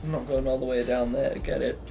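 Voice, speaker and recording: Young male streamer, casual rambling chatter full of fillers, middle pitch, music underneath. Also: flat delivery, fast talker, creaky. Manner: rambling, filler-heavy, chuckling. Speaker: livestreamer. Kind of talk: casual livestream commentary.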